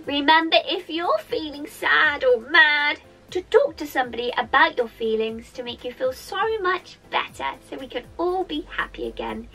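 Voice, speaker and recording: A woman's voice: high voice, bright, forceful tone. A woman with a British accent leading an interactive music session for young children, cheerful and sing-song, talking straight to the kids.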